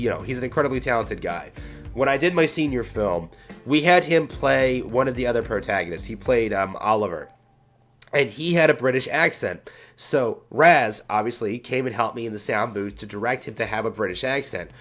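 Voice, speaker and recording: A man chatting casually on a livestream, telling stories with halting restarts. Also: mid-range voice, animated, fairly bright tone, soft background music. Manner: rambling storyteller, halting restarts. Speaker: streamer.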